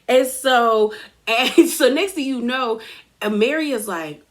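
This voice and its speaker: A woman's voice: fairly high pitch, slow. A woman recapping a reality TV episode in a gossipy, casual way, acting out quotes and laughing often.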